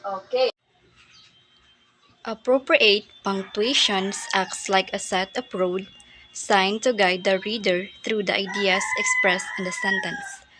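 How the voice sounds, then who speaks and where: A woman with a Filipino accent teaching a grammar lesson, reading aloud slowly with fillers and restarts. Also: medium pitch, huge pitch swings, background noise. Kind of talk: classroom lesson.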